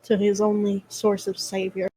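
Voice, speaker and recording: A woman's voice: medium pitch, monotone, moderate pace, dark tone, slightly rough, close to an everyday voice, poor audio. A woman playing a blunt, cocky adventurer who speaks in a dry, mocking way in a tabletop game.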